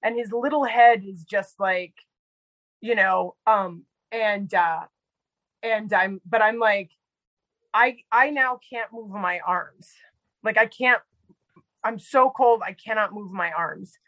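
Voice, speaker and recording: A woman guest on a podcast, who works as a medical provider, shares a personal story in casual conversation, chatty and packed with "like" and other fillers. Her medium-pitched voice is slow and a bit bright, recorded without echo but in low quality.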